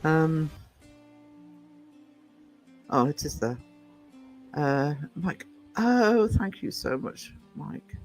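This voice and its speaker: A woman's voice: low-pitched, expressive, extremely slow, long pauses, over music, poor audio. A woman from northern England hosting a casual live stream, chatty, reading out the chat and laughing often. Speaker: livestream host.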